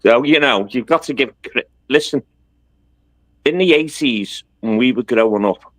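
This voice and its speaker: A man's voice: mid-range voice, moderate pace, fairly bright tone, dry recording, rough recording. A man in his fifties with a Scouse accent, bantering bluntly about football and swearing freely as a guest on a live chat. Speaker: guest caller. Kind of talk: casual banter.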